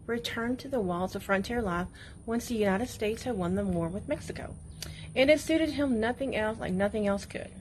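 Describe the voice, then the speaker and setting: A woman school media specialist reading a tall tale aloud at a steady pace, with a few stumbles. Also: fairly high pitch, slight background noise, poor audio. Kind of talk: storybook read-aloud.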